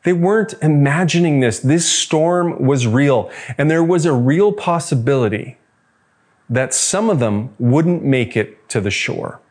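A man's voice: fairly high pitch, expressive, measured pace, a little mellow. A man preaching a sermon as a pastor, conversational and reflective, drawing listeners in with rhetorical questions.

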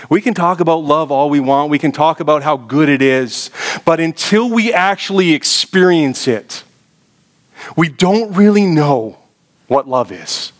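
A pastor delivering a sermon, telling a story in a hushed, low voice and then rising to an urgent, high preaching tone. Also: male voice, animated, measured pace.

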